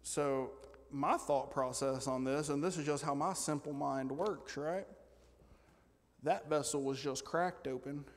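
A man preaching a sermon in a slightly high voice. He climbs into loud, excited bursts and then drops to quiet, wry asides. A long church reverb hangs on every line. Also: measured pace. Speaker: pastor. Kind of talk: energetic sermon. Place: church sanctuary.

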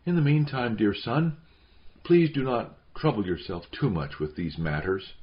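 A man reading the part of a gentle parent reassuring a son, pitched clearly higher than his narration. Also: expressive, moderate pace, lo-fi sound, natural voice.

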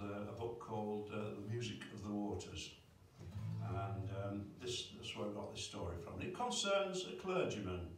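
A man's voice: on the low side, a little hiss or hum. A male folk singer telling a story between songs in a jazz club, leisurely with many ums and uhs. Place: jazz club, indoors, live audience. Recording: echoey live club from far off.

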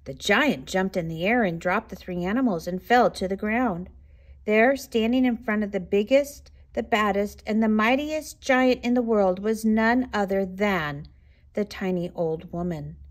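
A woman reading a children's picture book aloud with expressive, unhurried storytelling. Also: medium pitch. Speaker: storybook reader.

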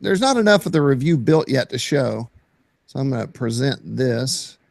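A man's voice: medium pitch, normal speed, vocal fry, no room sound. A man co-hosting a casual hobby show, chatting eagerly over his video clips. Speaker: co-host. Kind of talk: casual chat.

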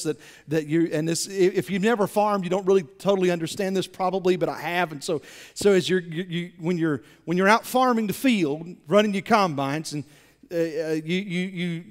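A man preaches from the pulpit in a high-pitched voice. He stumbles and repeats himself as he builds momentum toward each point. The sound rings out with the long reverb of a church sanctuary. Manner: animated, repeats words while building to points, rising loud emphasis. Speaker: pastor. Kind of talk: sermon.

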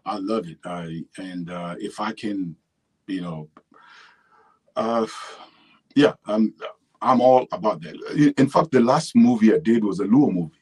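A man's voice: fairly low pitch, measured pace, breathy edge, low-quality recording. A middle-aged man with a Kenyan accent, answering interview questions in a loose, rambling way with many restarts. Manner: rambling, restarts often, animated when telling stories. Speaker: actor and writer, interview guest. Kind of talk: relaxed conversational interview.

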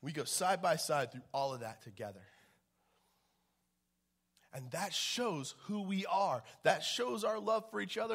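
A man preaching a casual, conversational sermon as a pastor, chatty with many fillers and restarts and swings in loudness. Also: medium pitch, expressive, measured pace.

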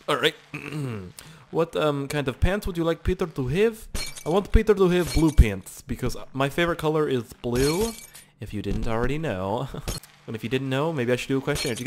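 Young male gaming host, lively up-and-down delivery, cursing and humming through a noisy home recording. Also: mid-range voice, fairly quick. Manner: excitable, swears a lot, hums little tunes. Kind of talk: let's play commentary.

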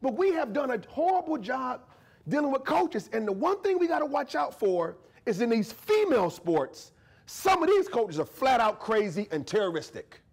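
A man giving a lively, conversational guest lecture as a history professor, joking and often checking in with his audience. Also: extremely high pitch, moderate pace. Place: university lecture to a live audience.

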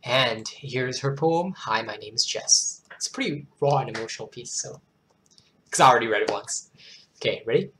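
Hoarse host giving poems a theatrical reading, with loose, chatty asides between them. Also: mid-range voice, normal speed, slight background noise. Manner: expressive, theatrical recitation, then chatty and self-deprecating. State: hoarse, worn-out throat. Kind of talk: dramatic poetry reading with casual asides.

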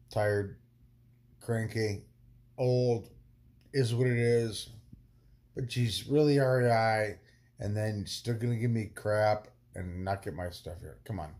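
A man's voice: lowish voice, darkish tone. Fed-up man ranting to camera. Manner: ranting, annoyed and tired, swears then apologizes. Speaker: long-distance hiker vlogger. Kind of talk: casual vlog to camera.

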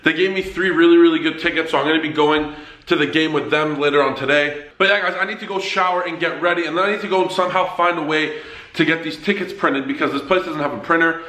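Male vlogger, quick and excitable, slightly high voice, echoey room sound. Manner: excitable, quick-talking, chatty complaining. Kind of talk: casual vlog to camera. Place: apartment indoors.

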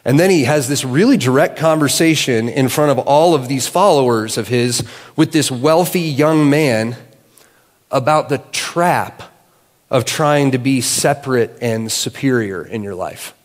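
A man preaching in a church, his voice carrying a long hall reverb. He talks casually and conversationally, retelling a story with easy fillers, at an average pitch for a man. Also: measured pace. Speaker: guest pastor. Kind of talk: sermon. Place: church sanctuary.

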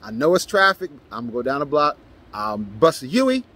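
A man vlogging, telling a personal story in a casual, animated way and acting out the shouts he traded with others. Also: mid-range voice, a little fast. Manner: animated, acts out his own shouts and quotes.

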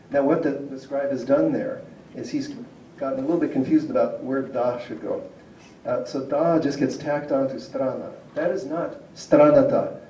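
A man giving an academic lecture with slides, pausing often with fillers and restarts. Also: mid-range voice, warm tone, a little hiss or hum. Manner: hesitant, many fillers and restarts. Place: civic centre lecture hall. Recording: roomy distant hall recording.

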